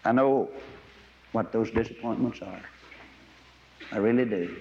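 Male preacher, folksy storyteller with excitable high bursts; lo-fi recording in a reverberant hall. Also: measured pace, vocal fry, a little hiss or hum. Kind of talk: sermon. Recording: dull lo-fi audio with long hall reverb.

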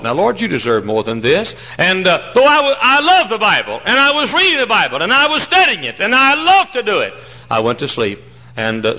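A man preaching a sermon to a congregation in a church, telling folksy stories, his voice surging high with fervor. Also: bright, forceful tone, low-quality recording. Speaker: traveling preacher.

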